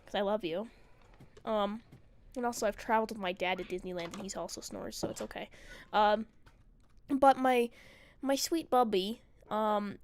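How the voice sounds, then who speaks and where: A woman's voice: medium pitch, dry recording. A woman streamer telling a story in casual chat, rambling and profane, full of "like" fillers.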